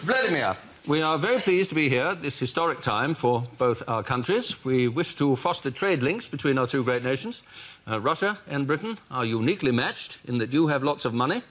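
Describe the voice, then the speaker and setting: A man's voice: mid-range voice, lively intonation, brisk. A comedian playing an awkward, flustered male prime minister on a state visit, in an improvised sketch. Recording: loud background noise.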